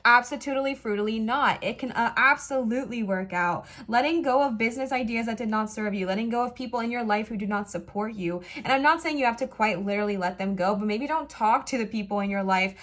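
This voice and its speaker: A woman with a fairly high voice reads tarot cards straight to her viewers. She is gushing and heartfelt, piling praise and reassurance on the listener. Her tone is earnest and emotional throughout. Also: fast, few pauses. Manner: warm, effusive encouragement addressed straight to the viewer; earnest and emotional, says she is about to cry. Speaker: tarot reader. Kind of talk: pick-a-card tarot reading to camera.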